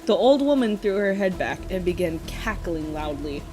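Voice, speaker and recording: A woman's voice: fairly low pitch, lively intonation, moderate pace, background noise. A woman co-hosting a podcast, reading a spooky campfire story aloud in a casual way and often breaking into giggles.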